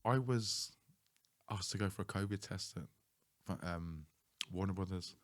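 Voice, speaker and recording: A man's voice: sits low, unhurried. A man hosting a podcast, telling a story in a chatty way, laughing and swearing casually. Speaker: podcast host.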